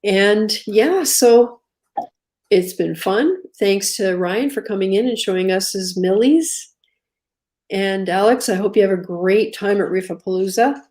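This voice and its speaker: A woman hosts a casual live stream at a middle pitch. She talks in an easygoing, chatty way and thanks the people who came. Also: measured pace, a little mellow.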